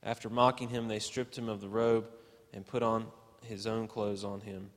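Low-voiced man reading scripture deliberately. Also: flat delivery. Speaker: scripture reader. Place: church. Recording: long church reverb.

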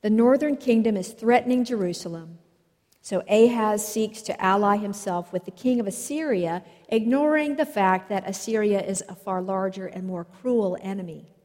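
A woman preaching a sermon, telling stories in a slow, measured way. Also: medium pitch, a little mellow. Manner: slow, measured storytelling delivery. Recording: long reverb of a large hall.

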